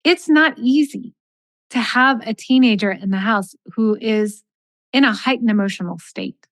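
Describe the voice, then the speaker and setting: A middle-aged woman, a life coach, giving calm, measured advice in a podcast interview and acting out sample lines of dialogue. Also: a little high, no echo.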